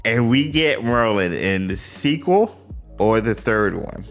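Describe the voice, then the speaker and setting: A man's voice: on the low side, expressive, slow pace, soft background music. A young man hosting a casual livestream, greeting chat viewers and pleading with exasperated sighs and laughs. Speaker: livestream host. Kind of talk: casual live-stream chat.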